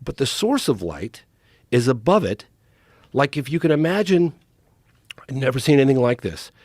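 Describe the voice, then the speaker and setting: A man telling a story on a podcast in an excited, animated way, with quoted lines in his telling. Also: medium pitch, moderate pace, no room sound, studio quality. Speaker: podcast guest. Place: podcast studio. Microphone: studio mic, close.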